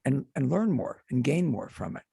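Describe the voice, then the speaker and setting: A male radio host with a gravelly, husky voice, talking loosely and backtracking often. The sound is close and dry, with no room around it. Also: mid-range voice, very animated, normal speed, dark tone, dry recording. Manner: rambling, with frequent restarts. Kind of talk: casual interview chat.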